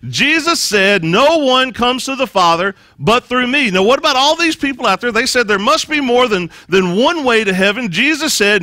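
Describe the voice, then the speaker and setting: Pastor, male, high bright voice, emphatic sermon delivery with repeated phrases, dry close sound. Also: no room sound. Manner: emphatic preaching, repeats key phrases, leads congregation responses; frequent restarts and repeated words. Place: church.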